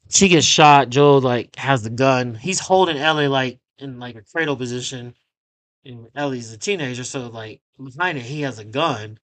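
A man's voice: mid-range voice, a little slow, no echo. A man hosting a podcast on his own, recapping a show in casual, rambling, profane talk. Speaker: podcast host.

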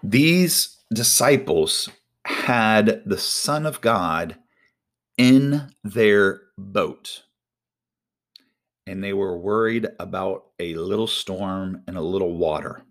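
A man preaching a sermon as pastor, animated, stretching out key phrases for emphasis. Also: deep voice, slow.

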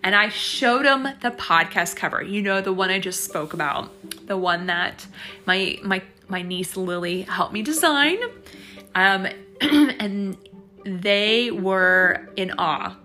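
A woman's voice: medium pitch, lively intonation, takes it slowly, bright, forceful tone, faint music behind. A woman hosting her own podcast, talking casually and encouragingly about faith, with lots of fillers and restarts. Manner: chatty and reflective, with many fillers and restarts; faith-based encouraging talk. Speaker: podcast host. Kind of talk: casual solo podcast monologue.

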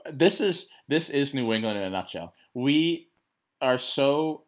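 Excitable, profane podcast host. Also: male voice, medium pitch, measured pace. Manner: excitable, profane, rambling with restarts. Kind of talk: casual sports chat.

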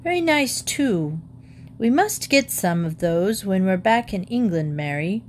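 A bluff, fussy middle-aged father from a storybook, as a woman reader puts him on. He talks in lively exclamations that jump around in pitch. A faint hum sits under the recording. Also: a little slow. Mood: hearty.

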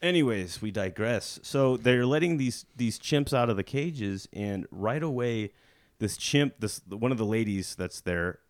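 A man hosting a podcast, recapping a movie in casual chat with friends, animated and quick to laugh. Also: mid-range voice, dry recording, studio quality. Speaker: podcast host.

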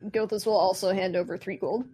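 A woman's voice: medium pitch, steady tone, brisk, mellow, slightly rough. A woman playing in a tabletop game, inquisitive and upbeat. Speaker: player.

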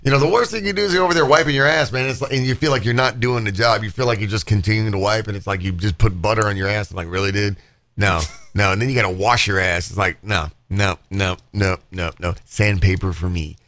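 A man hosting an uncensored podcast, telling stories in a rambling, profane, animated way. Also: lowish voice, very fast, few pauses. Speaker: podcast host. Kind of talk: uncensored casual podcast chat.

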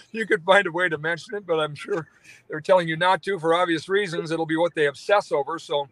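A man's voice: on the high side, fairly even intonation, a little fast, fairly bright tone, dry recording. A man, a radio talk show host, telling a long story with lots of fillers and restarts. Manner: rambling, many fillers and restarts. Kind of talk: phone-in interview storytelling.

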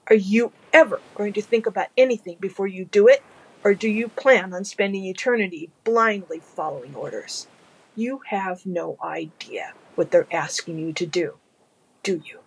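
A cold, sneering male demon , voiced by a reader in a fan audiobook. He bites off his words with withering scorn. The voice is gravelly and husky. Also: medium pitch, moderate pace, rough recording. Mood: sardonic. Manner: biting, sneering.

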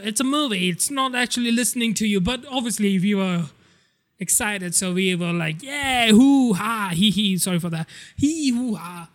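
A man hosting a casual spoiler podcast, rambling excitedly and swearing a lot as he recaps a movie. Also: high-pitched. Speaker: podcast host.

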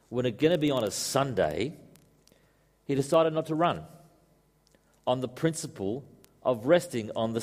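A man's voice: mid-range voice, a little mellow. A man preaching a sermon to a congregation in a conversational way, mixing in joking asides. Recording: echoey hall reverb.

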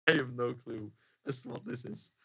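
Laughing man with a bright, husky voice. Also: mid-range voice. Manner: guesses aloud, laughs a lot. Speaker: quiz guest. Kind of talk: casual chat.

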